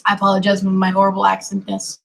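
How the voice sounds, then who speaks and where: A digital artist talks fast while streaming her drawing, rambling casually and making apologetic, self-deprecating comments that often trail into murmurs. Her gravelly, medium-pitched voice is completely flat, and the rough recording has slight background noise.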